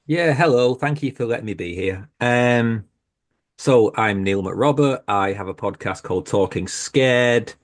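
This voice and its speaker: A man's voice: mid-range voice, unhurried. A British man who hosts a horror podcast, speaking as a guest on a video-call panel in a chatty, self-deprecating way, with stammered restarts. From Britain. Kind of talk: casual panel chat. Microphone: video call mic.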